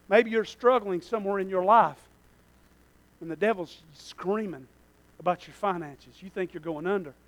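A man preaching a sermon in a church, swinging from quiet asides to shouted exhortation. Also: high-pitched.

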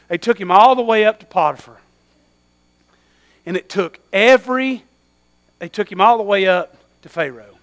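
High bright fervent preacher man. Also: smooth. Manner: swings from hushed asides to loud fervent cries. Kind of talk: sermon.

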